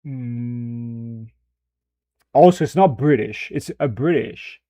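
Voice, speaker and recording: A man's voice: mid-range voice, slow pace, mellow, no echo. A man chatting casually on a live stream while editing video, rambling and self-deprecating, often breaking into laughter.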